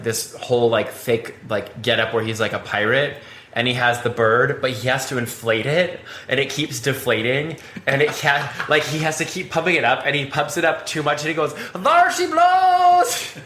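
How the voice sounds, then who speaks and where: Excitable guy on a podcast, bright tense voice, roomy echo and faint hiss. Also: mid-range voice. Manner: excitable, gushing, quick to laugh. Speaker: podcast co-host. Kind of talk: casual chat.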